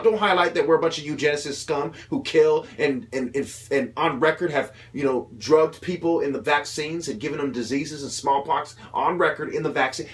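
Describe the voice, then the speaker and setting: Angry ranting man, higher voice. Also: brisk. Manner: profane, heated, mocking mimicry of opponents. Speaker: video commentator. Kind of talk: angry political rant.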